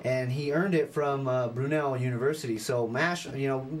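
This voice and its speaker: A man's voice: mid-range voice, steady tone, moderate pace, slight background noise. A young man hosting a college radio sports show, chatting casually and running through game stats with fillers and restarts.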